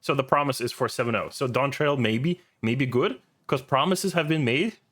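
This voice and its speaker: A man's voice: medium pitch, moderate pace, a bit bright. A man streaming and reacting to a video in casual, rambling commentary, swearing often and laughing easily.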